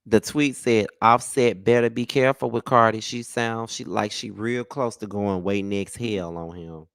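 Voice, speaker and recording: A man's voice: lowish voice, fairly even intonation, moderate pace, vocal fry, fairly bright tone, smooth, no echo, clean studio sound. A man giving casual celebrity gossip commentary in a blunt, profane and sassy way.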